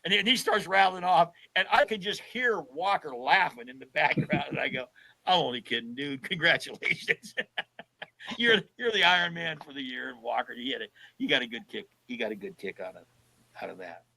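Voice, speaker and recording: A man's voice: medium pitch, brisk, creaky, slightly rough, rough recording. A man in his seventies telling road trip stories in a casual chat, acting out the voices of people he quotes. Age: 70s. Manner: animated storyteller who acts out quoted dialogue. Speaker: podcast guest. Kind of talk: casual storytelling.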